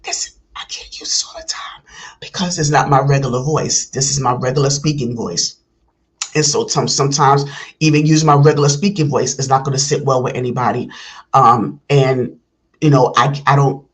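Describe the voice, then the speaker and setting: A man hosting a reaction video, talking in a casual, earnest, rambling way with many restarts; his voice tends to carry and rise as he talks. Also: mid-range voice. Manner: voice carries and rises when talking.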